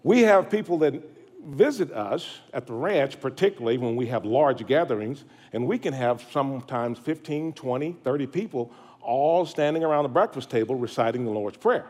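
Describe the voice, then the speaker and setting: Middle-aged male pastor with a drawl; warm-humored, conversational sermon to a church crowd. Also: mid-range voice, animated, normal speed. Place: church sanctuary.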